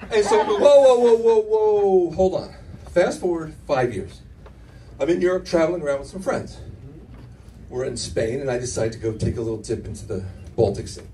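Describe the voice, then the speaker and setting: A man's voice: mid-range voice, fairly quick, warm tone, distant mic. A middle-aged man doing a stand-up routine, telling brash, profane stories with self-mocking asides. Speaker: stand-up comedian. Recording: faint room noise, mic from afar.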